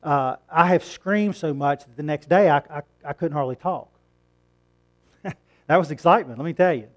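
A middle-aged male pastor delivering a Sunday sermon, talking in a relaxed, conversational way. His voice sits a little higher than most men's, and he pushes it up and louder when he drives a point home. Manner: conversational preaching, rising emphatic on key points.

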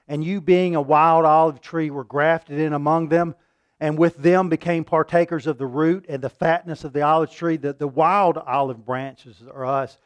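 Emphatic preacher, man, dry sound. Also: no echo. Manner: swings between loud emphatic peaks and quiet low asides; asks the congregation questions, repeats words for emphasis. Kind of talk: sermon.

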